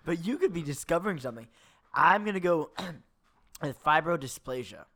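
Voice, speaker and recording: Man, game contestant, playful, swears, laughs, animated pitch. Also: normal speed, slight background noise. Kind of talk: casual chat.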